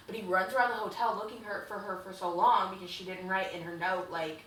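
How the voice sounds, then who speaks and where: A young woman co-hosts a podcast, retelling a book with gushing excitement, plenty of swearing and "like"s. Her voice is bright and sits a little high. She sounds set back from the mic in an echoey room with a faint hiss. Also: fast talker, hardly any pauses, far from the mic. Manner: gushing, profane, filler-heavy retelling. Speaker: podcast co-host. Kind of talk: casual book recap chat.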